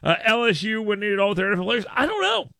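A man hosting a sports stream with a gravelly, fry-heavy voice and a bright, forward edge. He talks off the cuff and keeps tripping over and repeating his words. The sound is close and dry. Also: sits high, very animated, very fast, no echo. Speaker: sports show host. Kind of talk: casual live-stream commentary.

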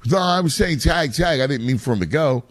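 A man's voice: fairly high pitch, animated, fairly quick, dry recording. A man, a youth baseball coach and father, talking casually and explaining game strategy with many restarts. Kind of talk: casual chat.

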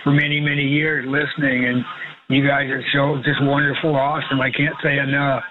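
A man in his eighties calling a radio show, talking in a gentle, rambling way. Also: medium pitch, level tone, a little fast, phone-quality sound, crowd noise. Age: 80s. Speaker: radio caller.

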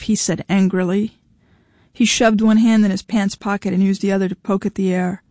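A woman's voice: mid-range voice, little pitch movement, normal speed, a little mellow, no room sound. Woman narrating a story, dry sound. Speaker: audiobook narrator. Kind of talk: scripted narration.

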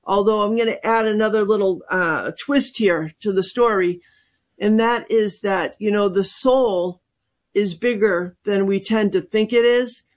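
A woman's voice: medium pitch, a little slow. A woman working as a medium, a guest on a call-in radio show, speaking thoughtfully and hesitantly with many fillers and restarts.

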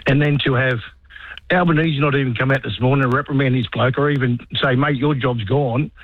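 A man's voice: medium pitch, fairly even intonation, fast talker, no room sound. An Australian man in his fifties, an army veteran calling in, indignant and blunt. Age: 50s. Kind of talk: talkback phone call. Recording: tinny phone line.

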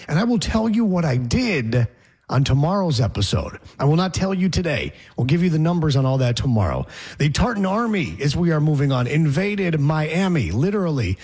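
A man's voice: on the high side, a little mellow, husky. A man hosting a sports talk show, chatting casually with rambling, sarcastic asides.

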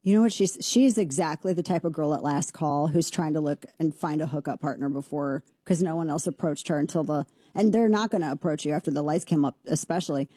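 A woman hosting a commentary show, ranting in a sarcastic, rapid-fire way. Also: low-pitched, warm tone, husky, no room sound. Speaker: host.

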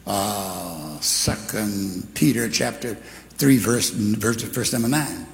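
Male preacher, gravelly voice, long church reverb, testimony and sermon, fervent delivery. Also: lowish voice, slow. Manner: animated storyteller, rising to fervent preaching. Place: church sanctuary.

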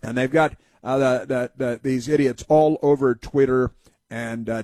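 A male talk radio host riffing in a sarcastic, mocking tone, halting often with filler "uh"s. His voice sits at an ordinary middle pitch. The studio sound is close and dry, with no room echo. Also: darkish tone. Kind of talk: opinion talk radio monologue.

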